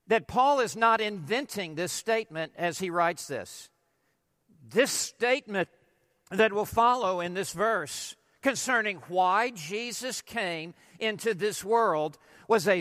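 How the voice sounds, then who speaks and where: A man preaching an expository sermon, emphatic and deliberate, asking rhetorical questions and stressing key words. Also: sits high, a bit bright, in a large hall. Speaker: pastor.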